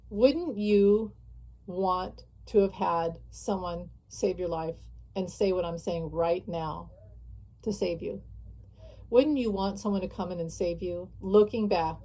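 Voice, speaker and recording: A woman's voice: lowish voice, mellow, rough recording. A woman hosting her own channel, delivering an impassioned political monologue straight to her viewers, repeating her points for emphasis. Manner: impassioned, repetitive, addresses viewers directly. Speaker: channel host. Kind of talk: opinionated political vlog monologue.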